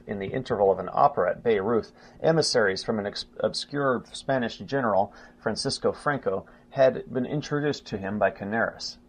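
A man reading a history book aloud in a measured way, stumbling and restarting now and then and announcing quotes aloud. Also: on the low side. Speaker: narrator. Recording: dull lo-fi recording.

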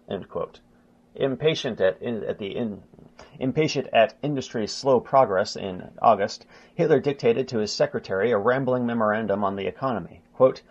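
A man reading a history book aloud in a measured way, stumbling and restarting now and then and announcing quotes aloud. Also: on the low side, darkish tone. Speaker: narrator. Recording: dull lo-fi recording.

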